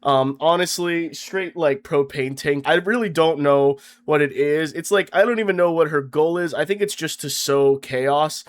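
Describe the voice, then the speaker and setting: Sarcastic high-voiced young man ranting. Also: normal speed, few pauses. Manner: sarcastic, profane, stammering restarts. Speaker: vlogger. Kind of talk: comedic rant to camera.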